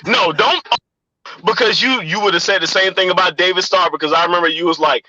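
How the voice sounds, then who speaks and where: Sharp, bright-voiced man swearing heavily. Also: high-pitched, brisk, no room sound. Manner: heated, heavy swearing. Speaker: podcast co-host. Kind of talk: casual podcast banter. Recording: dull, lo-fi dry audio.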